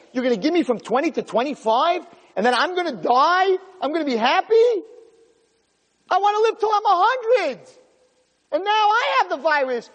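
A man voicing a furious, betrayed young wife who shouts accusations in a shrill voice. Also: breathy edge, exaggerated voice. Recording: long hall reverb.

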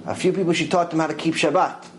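A man giving a mussar lecture, telling a story with lively acted-out voices. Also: quick pace, slight background noise, poor audio. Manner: animated storytelling, acts out quoted voices with big pitch swings. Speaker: Torah teacher.

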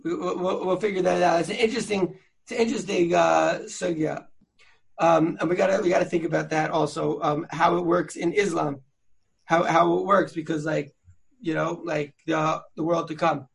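A man's voice: on the high side, fairly even intonation, moderate pace, creaky. A man hosting a podcast, teaching Torah sources in a chatty, slangy way with many fillers and restarts. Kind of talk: casual learning chat.

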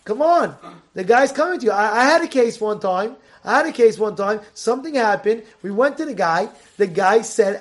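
Animated high-voiced man telling a Torah story. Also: moderate pace. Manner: animated, acts out the story's voices, swings from loud to hushed. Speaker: rabbi.

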